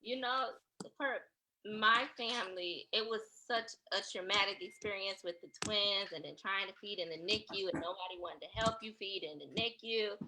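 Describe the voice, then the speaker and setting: Bright-voiced woman, earnest chat. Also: medium pitch, normal speed, rough recording. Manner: earnest, recounting hard experiences. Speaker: podcast co-host. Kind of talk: casual chat.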